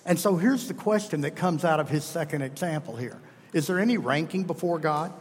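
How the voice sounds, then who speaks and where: A man's voice: fairly high pitch, fairly quick, breathy edge, big-room sound. A middle-aged man preaching a sermon, telling a story earnestly and with emphasis.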